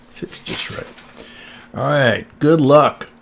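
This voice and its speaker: Man, livestream host, easygoing chatter, gravelly tone, noisy home recording. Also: a little high. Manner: relaxed, chatty, reads out viewer comments. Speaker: livestream host searching coins. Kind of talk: casual livestream chat.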